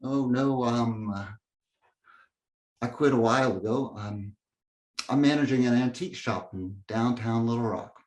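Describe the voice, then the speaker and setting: A man playing a withdrawn, emotionally numb father who talks in a hesitant, halting monotone. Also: mid-range voice, echoey room, recorded from a distance, close to an everyday voice, poor audio. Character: awkward numb middle-aged father, withdrawn.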